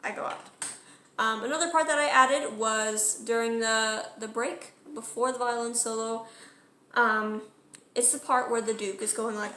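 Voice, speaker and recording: A woman's voice: on the high side, fairly even intonation, a little slow, bright, forceful tone, reverberant, a little hiss or hum. A woman talking through how she builds her song cover in a casual tutorial, chatty and correcting herself as she goes. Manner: chatty, self-correcting, sings short phrases to demonstrate. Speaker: music cover creator.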